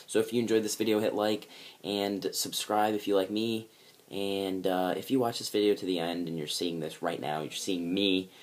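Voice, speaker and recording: Deep-voiced teen boy, profane ranting. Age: teens. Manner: rambling with many fillers. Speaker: gaming channel host. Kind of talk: ranting gameplay commentary. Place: bedroom.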